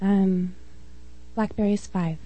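A woman reading her spoken-word poetry slowly and deliberately, trailing off softly at line ends. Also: medium pitch, steady tone, low-quality recording. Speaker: featured poet.

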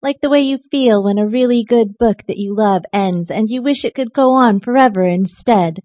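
A woman poet giving a live poetry reading, expressive in her poems and soft and chatty in the asides between them. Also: fairly high pitch, moderate pace. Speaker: featured poet. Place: poetry night venue.

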